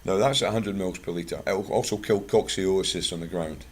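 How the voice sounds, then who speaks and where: Husky low-voiced Scottish man. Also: brisk. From Scotland. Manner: chatty, anecdotal, plain-spoken. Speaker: guest speaker at a bird club. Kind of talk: informal talk with product pitch and anecdotes.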